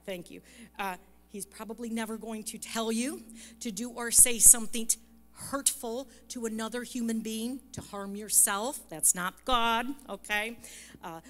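A woman's voice: mid-range voice, fairly bright tone. Woman, storytelling sermon, chatty, checks in with listeners, long church reverb. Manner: conversational, keeps asking "right?" and laughs lightly. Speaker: speaker at a church service. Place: church sanctuary.

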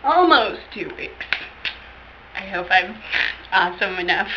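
A woman's voice: medium pitch, animated, unhurried, heavy background noise. A teenage woman talking casually to her webcam, hyper, giggly and silly, on muffled lo-fi audio. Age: late teens.

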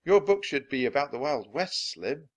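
A thoughtful young boy from a storybook, earnest and matter-of-fact, as a man voices him. The voice sits raised above his usual low tone and moves with lively swings. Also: moderate pace.

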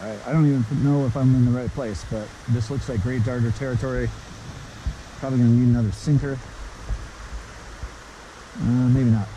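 A man's voice: mid-range voice, steady tone, normal speed, pauses often, mellow, rough recording. A man filming himself on a head-mounted action camera outdoors at a stream, cold and wet, joking at his own expense as he gets ready to snorkel fish. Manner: joking, self-deprecating. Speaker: angler and video host. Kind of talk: casual self-filmed commentary. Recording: clear stream noise behind.

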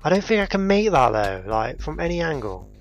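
With faint music in the background, a gaming video host gives let's-play commentary on a puzzle game. His voice is on the high side, very animated and a little fast, and he talks to himself and his viewers, often exclaiming in frustration.

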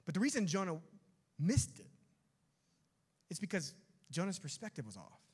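Animated higher-pitched male pastor preaching. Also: moderate pace, husky. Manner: animated, acts out quotes, drops to quiet emphasis. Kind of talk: sermon.

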